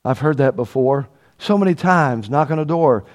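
A man preaching a sermon, asking the congregation rhetorical questions and building to loud, emphatic peaks. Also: mid-range voice, expressive, normal speed.

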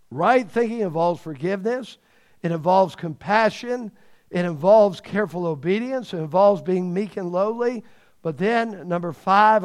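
A man preaching a sermon, emphatic, repeating key words for stress and swinging between loud and hushed delivery. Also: on the high side.

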